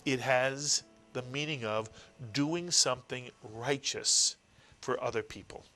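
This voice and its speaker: Brief: middle-aged male teacher, patient and repetitive, bright forceful voice, faint music behind. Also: mid-range voice. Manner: patient, explains slowly, repeats key words. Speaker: Hebrew teacher. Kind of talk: classroom-style language lesson.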